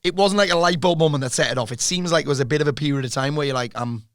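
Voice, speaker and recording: A man's voice: a little high, racing, a bit bright, no room sound, studio quality. A man mentoring a business client in a casual interview, blunt, swearing freely and laughing often.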